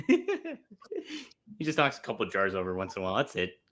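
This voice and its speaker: Bright lively guy cohosting, lots of laughing and quick wow-reactions. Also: medium pitch. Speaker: podcast co-host. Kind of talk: casual chat.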